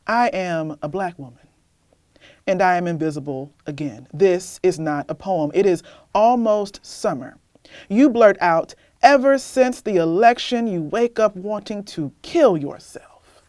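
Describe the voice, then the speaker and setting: A young woman poet, candid and animated, talking about her reading life in an interview and then reading her poem aloud. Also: medium pitch, no echo, clean studio sound. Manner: candid, animated, laughs often. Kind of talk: casual interview chat, then poetry reading.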